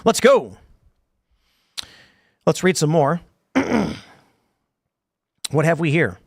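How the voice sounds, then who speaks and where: A man's voice: a little high, big pitch swings, very slow, creaky, slightly rough, no echo, studio quality. A man hosting a live show, reading chat comments and riffing on them in a rambling way, full of fillers and restarts. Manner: rambling, many fillers and repeated starts. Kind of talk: casual live-stream commentary.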